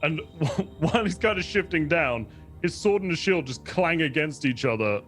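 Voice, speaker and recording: Lively, playful man as game master. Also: on the high side, moderate pace, faint music behind. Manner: playful, laughing, descriptive. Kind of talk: narrating a tabletop game.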